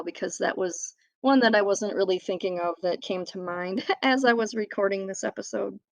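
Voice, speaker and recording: A woman's voice: mid-range voice, dry recording. Chatty woman podcast host, dry close sound. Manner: chatty, rambling, laughs often, self-correcting. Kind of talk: casual solo podcast talk.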